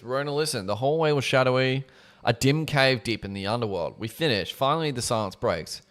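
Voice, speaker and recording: A man's voice: mid-range voice, animated, a little fast, fairly bright tone. A man reading a book aloud on a livestream, breaking off for casual asides that include swearing. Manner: casual asides with swearing between read passages.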